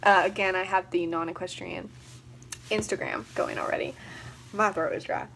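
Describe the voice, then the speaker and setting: A woman's voice: on the low side, steady tone, normal speed, fairly bright tone, a little hiss or hum. A young woman chatting casually on a livestream, rambling with lots of fillers and frequent giggles. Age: young adult. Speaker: vlogger.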